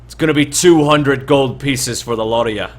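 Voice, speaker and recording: A man's voice: medium pitch, normal speed, soft background music, close to an everyday voice. A man voicing a swaggering male bandit leader who demands a toll, menacing and mocking, calling people mate. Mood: greedy.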